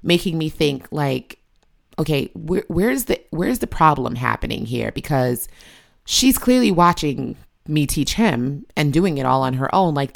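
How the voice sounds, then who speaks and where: Mother in her thirties, low-pitched, candid and emotional personal storyteller. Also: creaky. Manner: emotional, confessional, acts out her own past yelling in a shrill voice.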